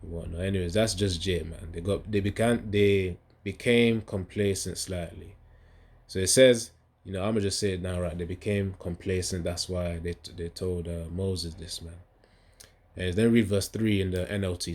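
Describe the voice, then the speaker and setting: A Bible teacher with a lowish, slightly mellow voice at normal speed gives a casual, rambling scripture talk. He frequently pauses to look up verses, then reads them aloud with rising emphasis.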